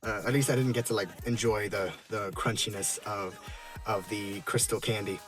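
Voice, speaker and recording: A man casually reviewing drinks from his car, halting and full of fillers and restarts, chuckling often. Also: lowish voice, steady tone, soft background music.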